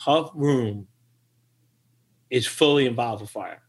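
A middle-aged man, a podcast guest, telling a story with lively acted-out quotes and frequent laughter. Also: mid-range voice, slow pace. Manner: animated storyteller who acts out quotes and laughs often. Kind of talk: storytelling interview.

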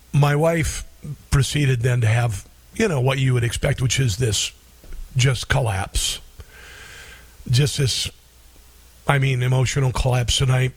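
A middle-aged man hosting a talk radio show, sharing a heartfelt personal story in a halting way, often restarting his sentences. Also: medium pitch, breathy edge.

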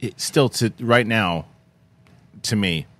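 Enthusiastic lower-voiced man chatting about films. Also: slow, a bit bright. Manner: enthusiastic, rambling with restarts. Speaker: podcast host. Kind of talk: casual film discussion.

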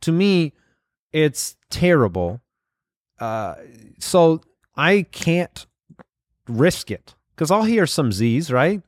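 A man's voice: on the high side, very animated, drawn-out words, no room sound, studio quality. Wry man joking on a podcast. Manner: wry, playful wordplay. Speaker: podcast co-host. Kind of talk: casual comedic chat. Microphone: remote call mic.

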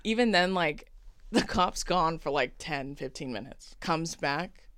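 A young woman in casual chat, telling an animated story full of acted-out quotes and lots of "like". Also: sits low, measured pace, no room sound, clean studio sound.

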